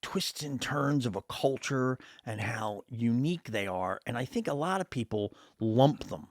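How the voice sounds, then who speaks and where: Podcast host, male, animated storyteller, very expressive pitch, dry studio mic. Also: a little slow, no room sound. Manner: animated storyteller, acts out voices in anecdotes. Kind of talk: casual interview chat.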